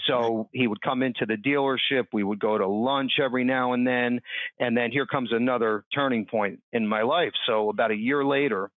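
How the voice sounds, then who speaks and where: A man in his forties from South Florida, telling a personal story as a podcast interview guest in an animated way, acting out the people he quotes. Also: mid-range voice, normal speed, no echo. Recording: dry, tinny phone-like line.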